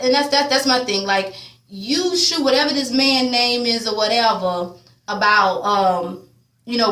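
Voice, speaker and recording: A woman's voice: fairly high pitch, pushed and bright. Heated, profane woman vlogging. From Houston, Texas. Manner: heated, blunt, profane, rambling with many fillers. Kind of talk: emotional commentary vlog. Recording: echoey room, voice a bit far from the mic.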